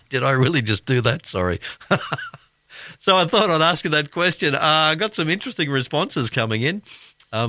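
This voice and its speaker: A man's voice: mid-range voice, sharp tone, no room sound, clean studio sound. A man hosting a radio drive show, chatting casually and reading out listener messages. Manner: chatty, laughs at himself, reads listener messages. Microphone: studio microphone.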